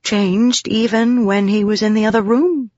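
A woman's voice: mid-range voice, sing-song, normal speed, slightly rough, no echo, voice pushed up. A narrator voicing a young, absent-minded woman scholar who muses aloud in a rambling way. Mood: musing. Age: young adult. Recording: dull dry audiobook recording.

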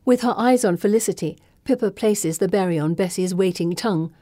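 A woman reading first-person scripted narration in a measured, dramatic way. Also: medium pitch, mellow, no room sound, studio quality. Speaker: audiobook narrator.

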